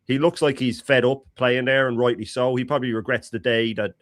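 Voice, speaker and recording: A man's voice: medium pitch, fairly even intonation, brisk, a bit bright, no echo. Opinionated man, dry sound. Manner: opinionated, talks in long runs. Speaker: podcast co-host. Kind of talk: casual football chat.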